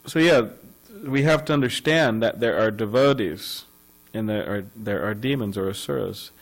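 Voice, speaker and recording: A man's voice: mid-range voice, poor audio. A man giving a scripture class in a temple ashram, talking in a loose, conversational way with chuckles and asides.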